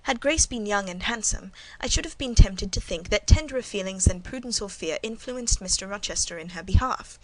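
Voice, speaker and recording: Woman reading a classic novel aloud, steady and measured, middle pitch, audiobook narration. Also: low-quality recording. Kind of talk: scripted narration.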